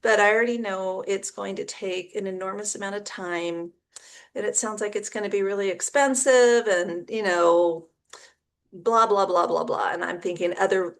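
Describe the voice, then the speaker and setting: A middle-aged woman tells a personal story straight to camera in a relaxed, chatty way. Her voice sits at an ordinary pitch and carries a slightly gravelly texture. She slips into the voices of the people she is quoting, with gasps and little laughs along the way. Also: moderate pace. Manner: animated, acts out quoted dialogue with gasps and laughs. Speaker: vlogger telling a personal story.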